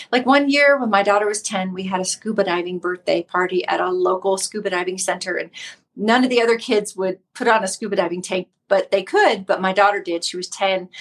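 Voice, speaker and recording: A middle-aged woman hosting a casual Christian livestream, teaching in a conversational way and greeting viewers by name. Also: medium pitch. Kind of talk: casual devotional talk.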